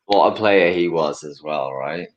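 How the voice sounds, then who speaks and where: A man's voice: extremely low pitch, unhurried, muffled recording. A man in his thirties, from Wales, chatting casually as a guest, rambling and correcting himself with small chuckles. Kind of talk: casual chat.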